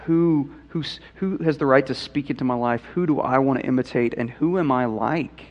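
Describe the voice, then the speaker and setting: A man's voice: mid-range voice, normal speed, lo-fi sound. A man preaching a sermon, who often repeats words and asks probing questions. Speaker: pastor.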